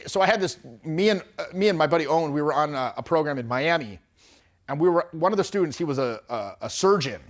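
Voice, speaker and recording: A man's voice: a little high, fast. A middle-aged man coaching on social skills in a loose, chatty storytelling style, acting out the people he quotes and often restarting his sentences. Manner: animated, acts out quoted people with shifting voices. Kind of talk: casual storytelling lesson.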